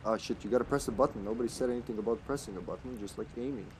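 A man commentates a live retro game stream. He rambles casually and jokes with his viewers, with a medium-pitched voice. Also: racing, noisy background. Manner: chatty and jokey, often laughing, greeting chat.

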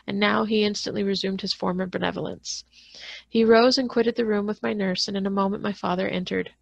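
A woman librarian reading a classic novel aloud in a steady, measured way, with the odd small slip. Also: mid-range voice, creaky, no room sound.

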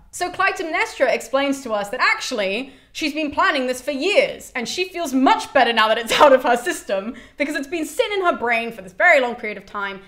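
Casting: lively YouTube presenter, woman, fairly high voice, chatty and irreverent. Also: a little fast, hardly any pauses. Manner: animated, chatty, swears, laughs. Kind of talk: casual summary of a classical play.

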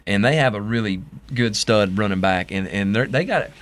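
A man with a Southern US accent co-hosting a casual sports talk show, excitable and often trailing off to restart his thought. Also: on the low side, normal speed.

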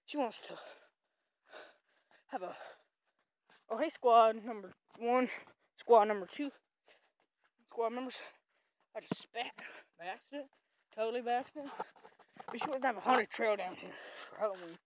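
A young woman with a Southern US accent, walking around her family farm outdoors, rambling and excitedly calling to her animals while filming on a handheld phone. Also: fairly high pitch, normal speed, long pauses, lo-fi sound, a little hiss or hum. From North Carolina, USA. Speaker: vlogger. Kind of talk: casual walking vlog.

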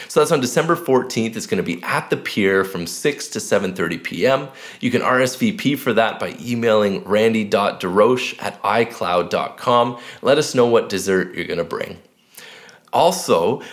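Low-voiced man leading a church service. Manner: relaxed and conversational, slow and measured when reading scripture. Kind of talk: church announcements and scripture reading.

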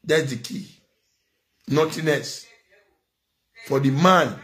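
A man's voice: medium pitch, drawn-out words, vocal fry, long pauses, sharp tone. A man with a Nigerian accent giving a ranting vlog commentary, scolding and preaching, repeating phrases for emphasis.

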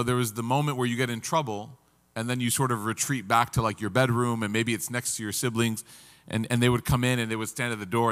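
A religious teacher gives a conversational lecture in a reverberant lecture hall. His mid-range voice is bright and forceful, and his casual talk is full of stories and humor, with rising emphasis.

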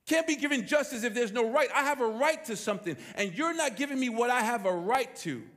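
A man's voice: very high-pitched, lively intonation, a little fast, fairly bright tone, pitched above the performer's own voice. A man voicing an insistent widow pleading for justice, told within a sermon. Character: persistent pleading widow, adult woman. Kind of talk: sermon storytelling.

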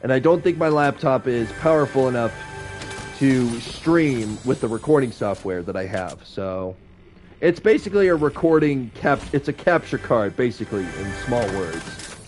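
A man's voice: mid-range voice, animated, normal speed, darkish tone, soft background music. A man giving casual let's-play commentary on his game from his home setup, chatty and self-deprecating, his voice sounding slightly stuffy. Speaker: gaming YouTuber. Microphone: streaming from a game console.

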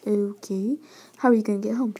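A woman voicing a meek boyfriend dog who talks softly and pleadingly. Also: medium pitch, fairly even intonation, fairly quick, husky, voice pushed down. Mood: hurt. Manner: soft, pleading, half-whispered.

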